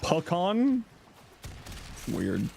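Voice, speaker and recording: A man's voice: sits high, wildly swooping pitch, extremely slow, gravelly, darkish tone, slight background noise. A middle-aged man chatting casually on his livestream, answering chat in a playful, teasing way and laughing often.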